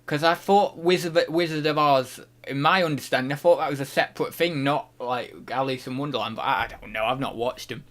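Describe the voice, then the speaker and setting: Casual British male streamer, mid-range voice, chatty and unsure, thinks out loud while reading the chat. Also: mid-range voice, fairly quick, hardly any pauses. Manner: rambling, unsure, thinks aloud with many restarts. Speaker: host reading live chat questions.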